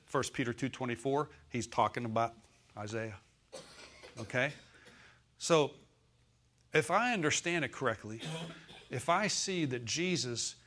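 A male pastor with a mid-range, slightly bright voice preaches in a folksy, conversational way. He keeps checking with the congregation for an "amen" and repeats phrases for emphasis.

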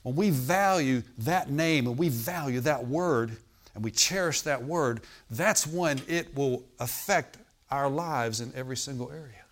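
A medium-pitched male voice delivers a sermon at a measured pace in a hotel meeting room. The preaching is emphatic and repetitive, with frequent "Amen?" calls seeking the audience's agreement.

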